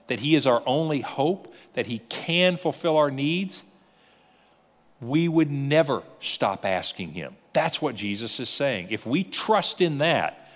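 Animated male pastor in an echoing church. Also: on the high side. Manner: animated storytelling with rhetorical questions. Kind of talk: sermon.

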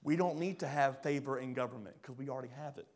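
A pastor preaching a sermon, swinging between loud rising bursts and quiet low drops. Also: male voice, quick pace. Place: church hall.

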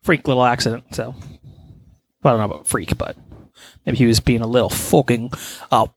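A man's voice: mid-range voice, steady tone, brisk, breathy edge, no room sound. A man in casual comedic banter, swearing and joking. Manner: profane, joking.

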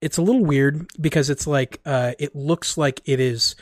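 A man narrating a tabletop game as game master, halting and full of fillers. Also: on the high side, no echo, studio quality.

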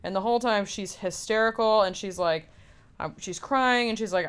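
A young woman tells a film's story in a loose, chatty way, peppering her sentences with fillers and the occasional curse. Her voice is smooth and clear, sitting at an ordinary pitch for a woman. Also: normal speed. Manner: casual, filler-heavy storytelling with frequent "like" and swearing. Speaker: film recapper. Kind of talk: casual film recap.

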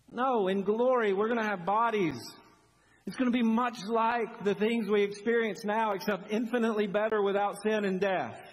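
A man preaching a sermon as pastor, in an animated, conversational way full of rhetorical questions. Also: sits high. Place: church sanctuary. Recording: husky voice in a long-reverb church hall.

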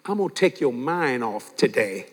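An older man preaching a sermon as pastor, telling stories with animated delivery and acting out voices. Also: mid-range voice, moderate pace, background noise. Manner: animated, storytelling with laughter and acted-out voices. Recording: long hall reverb.

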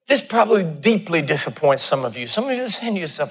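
A man's voice: very animated, fast talker, few pauses, a bit bright, breathy edge. A man preaching a sermon, telling stories and acting out the dialogue with big swings in his voice. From Texas. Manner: storytelling, acting out dialogue with wide swings in pitch.

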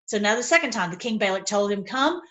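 A woman's voice: mid-range voice, expressive, fast, fairly bright tone, rough recording. A woman reading Bible passages aloud and breaking off into fervent, rambling commentary. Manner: fervent, rambling asides, says y'all. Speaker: online Bible teacher.

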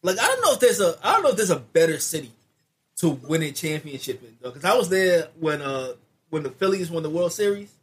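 A man's voice: a little high, very animated, a little fast, a bit bright, breathy edge. A man co-hosting a casual podcast, talking animatedly with a lot of "like" fillers. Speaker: podcast co-host. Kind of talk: casual chat.

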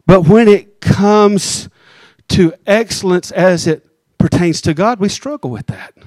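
High-voiced preacher, dry close sound. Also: male voice, darkish tone, no echo. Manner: conversational preaching, teasing the congregation, slows down for emphasis. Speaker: pastor. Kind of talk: sermon.

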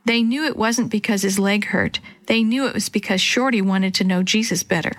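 A woman reading a children's storybook aloud in a gentle, even narration. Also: mid-range voice, moderate pace.

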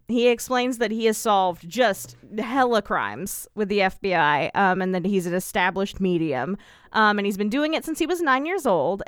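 Casting: woman co-host, smooth clear voice, dry close sound, rambling playful recap. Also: fairly high pitch, no room sound. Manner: rambling, frequent ums, playful asides. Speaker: podcast co-host. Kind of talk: casual chat recapping a TV episode.

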